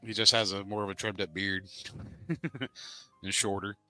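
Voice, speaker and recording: A man's voice: fairly low pitch, fairly even intonation, measured pace, pushed and bright, faint music behind. A man chatting casually as a podcast co-host, jokey and laughing often. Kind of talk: casual chat.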